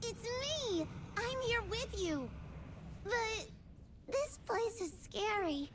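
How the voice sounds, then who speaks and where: A woman voicing a small, gentle doll boy companion, speaking softly and encouragingly while reading game dialogue. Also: lively intonation, slow pace, a little hiss or hum, full character voice. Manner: soft, high and encouraging.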